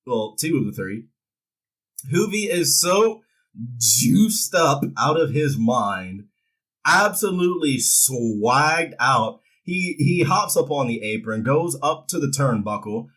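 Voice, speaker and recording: A man's voice: mid-range voice, lively intonation, takes it slowly, a bit bright, low-quality recording. Guy recapping wrestling, joking around and cursing, casual vlog talk. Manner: irreverent, joking, swears freely. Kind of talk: casual show recap with acted quotes.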